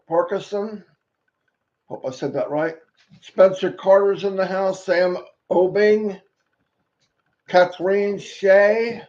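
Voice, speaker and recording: A man hosting a live stream, greeting viewers one by one with playful, sing-song shout-outs and little rhymes. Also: high-pitched. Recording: dull lo-fi stream audio.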